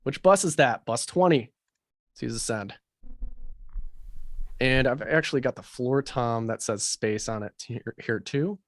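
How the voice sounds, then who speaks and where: Guy explaining a mix live on a call, mid pitch, no room sound, loose and chatty. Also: unhurried, pauses often, dry recording, clean studio sound. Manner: casual, thinking aloud with many fillers. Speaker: mixing engineer teaching a livestream. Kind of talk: live mixing tutorial. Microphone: video call.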